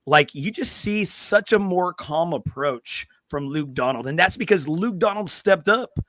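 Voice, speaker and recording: Excitable man chatting on a golf podcast. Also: a little high, unhurried, no room sound, studio quality. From South Texas. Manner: excitable, profane, many restarts. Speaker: podcast host. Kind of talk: casual podcast chat.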